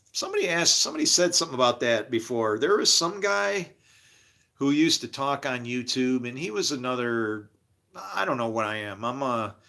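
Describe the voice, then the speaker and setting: Bright-voiced rambling middle-aged man. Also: mid-range voice. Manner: rambling, candid, laughing often. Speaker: podcast host. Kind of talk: casual personal monologue.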